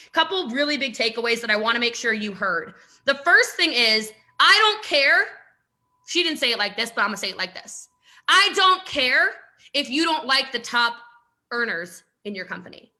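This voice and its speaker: Her voice a little high, bright and forceful, a woman coaches network marketers in an emphatic live-stream talk. She drives each point home by repeating lines and asking rhetorical questions.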